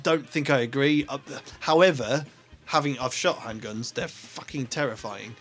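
Male podcast co-host, mid pitch, sweary, halting banter. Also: a bit bright, soft background music. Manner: sweary, halting, restarts often. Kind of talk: casual comedy podcast banter.

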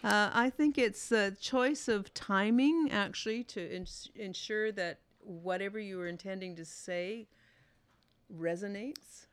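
A woman's voice: medium pitch, a little slow, smooth, no room sound. A woman hosting an interview, encouraging her guest and laughing along with him. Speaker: interview host. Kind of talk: casual interview chat.

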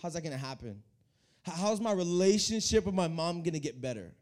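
A young male preacher with a mellow, warm voice and a fairly high pitch, talking straight to his congregation. He speaks with lively energy and often repeats words as he builds each point. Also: brisk. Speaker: youth pastor. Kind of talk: energetic sermon. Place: church hall.

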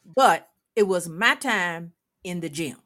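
An older woman, a former coach, telling a lively story on a talk show, laughing often and acting out the people she quotes. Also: fairly low pitch, takes it slowly. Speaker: guest, former women's basketball coach.

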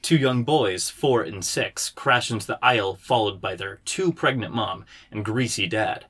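A man, the writer, reading the stage directions of his screenplay aloud in a steady way. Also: on the low side, unhurried, husky.

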